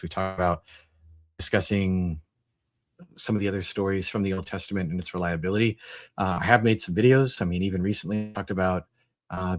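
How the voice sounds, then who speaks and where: A man's voice: low-pitched, no echo. A man hosting a live call-in stream, reading chat and chatting casually, rambling with lots of fillers. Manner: rambling, thinks aloud with many fillers. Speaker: host of a Christian apologetics call-in stream.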